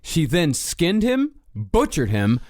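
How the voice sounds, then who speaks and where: A man's voice: fairly high pitch, huge pitch swings, slow pace, a little mellow, dry recording, clean studio sound. A man co-hosting a podcast who lays out grim facts in a matter-of-fact, casual manner. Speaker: podcast co-host and researcher. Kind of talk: casual storytelling chat.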